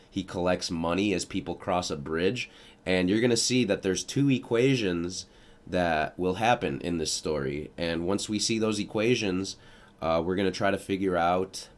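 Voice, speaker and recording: A middle school math teacher introduces a remote lesson to his students. He talks casually and encouragingly, often pausing on "uh" and "you know". His voice sits very low for a man. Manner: casual, filler-heavy, encouraging.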